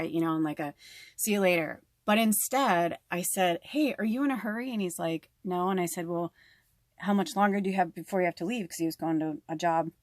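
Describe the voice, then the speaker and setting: A woman's voice: lowish voice, dry recording, clean studio sound. Chatty woman rambling through a tarot reading. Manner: chatty and meandering, heavy on fillers, swears freely. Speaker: psychic medium giving a tarot reading. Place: tiny home.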